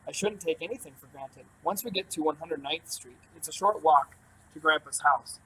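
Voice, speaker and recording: A man reading a first-person novel aloud in a calm, even storytelling voice. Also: a little high, moderate pace, slight background noise, poor audio. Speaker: audiobook narrator. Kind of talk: first-person audiobook narration.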